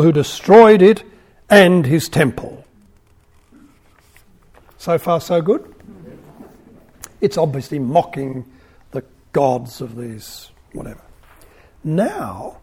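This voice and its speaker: A man's voice: sits high, dark tone. A man teaching a class, reading a scripture story aloud and adding wry, conversational asides.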